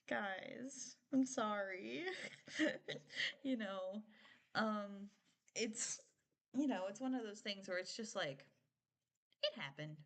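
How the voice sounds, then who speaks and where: A woman's voice: on the high side, takes it slowly, long pauses. A young woman chatting casually on a live stream, rambling with lots of filler words and frequent giggles. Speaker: streamer reviewing a TV show.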